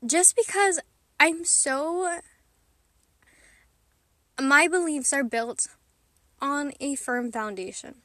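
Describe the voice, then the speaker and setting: A woman's voice: sits high, slow pace, long pauses, fairly bright tone, no echo. A woman hosting a casual vlog from inside her car, rambling and chatty with frequent giggles and self-mocking asides. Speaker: vlogger host.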